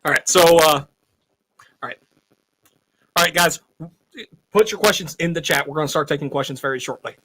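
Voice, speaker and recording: Bright, joking man in a closet. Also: on the high side, a little fast, pauses often, low-quality recording. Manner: blunt, joking, stammering starts. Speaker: podcast guest. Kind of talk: casual chat, livestream. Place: walk-in closet. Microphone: cheap USB mic.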